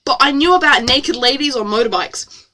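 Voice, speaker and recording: A young woman with a New Zealand accent, a streamer reading her own novel aloud with expressive, self-mocking asides. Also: sits high, moderate pace. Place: home room.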